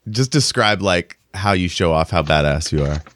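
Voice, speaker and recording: A man's voice: sits low, lively intonation, normal speed, a bit bright, dry recording, studio quality. A man narrating as game master in a tabletop game, rambling and casual. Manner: rambling, casual, many fillers and restarts.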